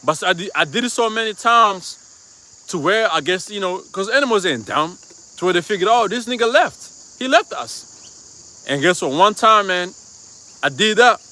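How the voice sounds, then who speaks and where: High, bright-voiced man preaching casually. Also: animated, moderate pace. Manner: casual and profane, with constant asides to the listener. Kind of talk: live-stream sermon with personal storytelling.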